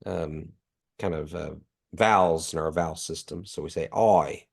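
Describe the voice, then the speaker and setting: Man, deep voice, nasal from allergies; patient teacher repeating sounds slowly for the class on a video call. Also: fairly even intonation, gravelly, breathy edge. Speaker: language teacher. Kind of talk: online language class.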